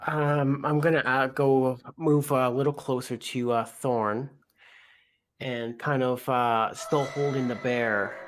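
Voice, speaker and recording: A man's voice: mid-range voice, steady tone, slow, a little hiss or hum. A man playing a tabletop game, describing his character's actions hesitantly, with many fillers. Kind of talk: casual game chat.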